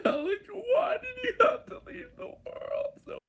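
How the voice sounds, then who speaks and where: A man's voice: very high-pitched, huge pitch swings, unhurried, creaky, a bit bright. A crying man who sobs and breaks off mid-sentence in a tearful video monologue.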